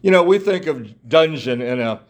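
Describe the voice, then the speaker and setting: A man's voice: a little high, animated, normal speed. A man preaching a sermon in an earnest way, repeating himself, restarting phrases and asking his listeners rhetorical questions.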